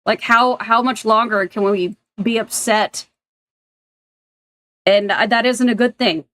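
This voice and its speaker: A woman's voice: on the high side, measured pace, fairly bright tone. A woman streamer reacting to clips in casual commentary, blunt and rambling, swearing freely.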